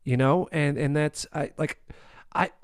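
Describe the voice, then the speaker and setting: A man's voice: a little high, unhurried, clean tone, dry recording, studio quality. A man hosting a candid conversation about recovery, blunt, profane and self-deprecating.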